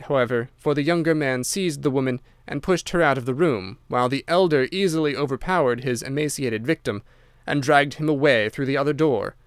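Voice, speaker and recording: A man narrating a classic detective story in a measured, storytelling style. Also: medium pitch, clean tone, no echo, studio quality. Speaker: audiobook narrator. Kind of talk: scripted audiobook narration.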